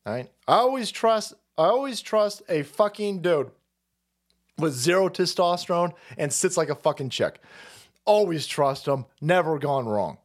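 Brief: foul-mouthed sarcastic male streamer, lively swinging pitch, laughs a lot. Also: unhurried. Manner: profane, sarcastic, laughing often. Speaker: streamer host. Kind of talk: livestream commentary rant.

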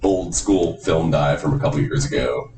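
A man co-hosting a podcast in casual chat, rambling, animated and swearing freely. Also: a bass voice, moderate pace, music in the background. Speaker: podcast co-host. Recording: echoey room, far from mic, noisy.

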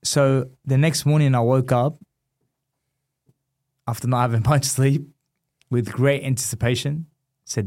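Animated man telling a story. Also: medium pitch, measured pace, pauses often. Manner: animated storyteller, acts out dialogue. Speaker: guest, former boxer. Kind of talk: storytelling in a casual interview.

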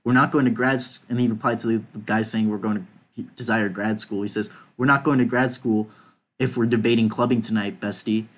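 A man's voice: fairly low pitch, steady tone, a little fast, fairly bright tone. A young man hosting a podcast, casually reading out group chat messages and swearing now and then. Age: young adult. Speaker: podcast host.

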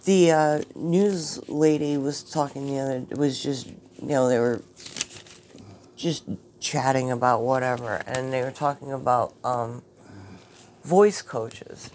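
Low-voiced woman with a Jersey accent. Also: a little mellow, slight background noise. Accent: New Jersey. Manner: quick to take offense, exasperated and bickering. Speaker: podcast co-host. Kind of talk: casual chat.

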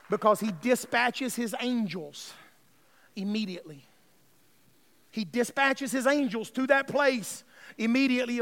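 A male pastor preaching a sermon, swinging between hushed, tender passages and loud, shouted exclamations. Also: sits high.

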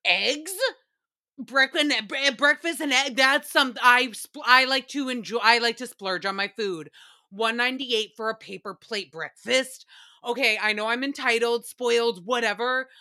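A young woman hosting a podcast, chatting alone in a casual, profane, animated way as she tells stories and laughs. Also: fairly high pitch, unhurried. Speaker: podcast host. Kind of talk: casual solo recap chat.

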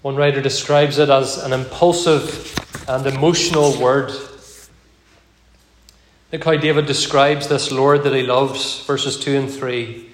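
A man preaching an evening sermon in a measured, earnest way, slowing down to read verses aloud, with an occasional cough. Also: medium pitch, fairly even intonation, echoey room. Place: church.

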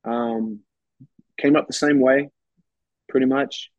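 Slow and fairly even in intonation, this medium-pitched guest rambles through casual stories, frequently starting his phrases over. There's no echo, but the audio is dull and a little muffled.

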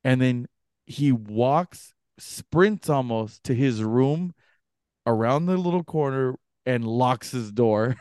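A young man co-hosting a podcast, telling a story casually and acting out the other people's voices with big jumps in pitch. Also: slow pace, clear, resonant tone, dry recording, studio quality. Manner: animated, acts out quoted voices with pitch jumps. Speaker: podcast co-host.

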